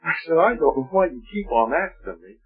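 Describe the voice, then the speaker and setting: Guy preaching his testimony, pitch swings way up and down, kinda husky, dull old recording. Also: brisk. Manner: animated, acts out voices in quoted dialogue. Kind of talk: sermon testimony storytelling.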